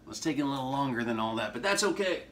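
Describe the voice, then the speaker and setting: This is a horror movie host in a cooking segment, working at the stove in a home kitchen and speaking rapid-fire in an animated, medium-pitched voice. He jokes in a folksy manner with hip slang. Heavy background noise and loud sizzling and frying are present.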